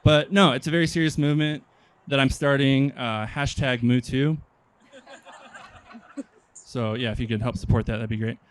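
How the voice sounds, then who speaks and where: A young man from Nebraska doing a stand-up comedy set, deadpan and hesitant, with many pauses and ums. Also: medium pitch, no echo. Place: outdoor park stage.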